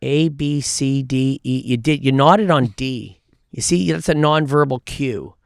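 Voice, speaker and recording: Canadian guy, mentalist guest, smooth clear voice, dry close studio sound, profane and animated storyteller. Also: medium pitch, a little slow, no echo. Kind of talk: casual storytelling and mentalism demo.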